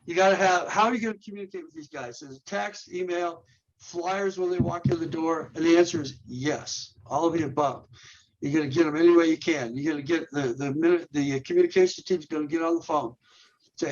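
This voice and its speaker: Speaking briskly in a fairly high voice, a men's ministry leader guests on a ministry podcast, earnestly listing steps one by one. He piles up rhetorical questions and keeps repeating and restarting words, all captured in dull, lo-fi audio.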